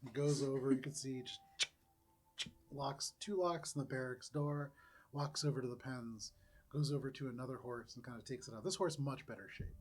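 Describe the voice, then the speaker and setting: Relaxed male game master narrating. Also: mid-range voice, moderate pace. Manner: descriptive, relaxed, laughs often.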